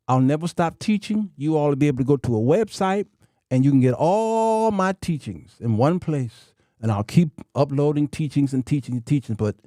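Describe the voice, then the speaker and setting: A man's voice: mid-range voice, dark tone, dry recording, clean studio sound. A man in his fifties hosting his own show, talking in a folksy, preachy monologue that repeats itself. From United States. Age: 50s. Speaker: show host. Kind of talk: casual talk-show monologue.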